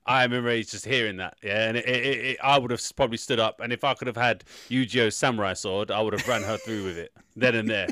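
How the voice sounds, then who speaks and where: A man's voice: lowish voice, fairly even intonation, fast talker, few pauses, bright, forceful tone, no room sound. Guy on a film podcast telling a story, over the top, swears, dry close sound. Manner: wry, exaggerated storyteller, sweary. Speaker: podcast co-host. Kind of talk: casual chat.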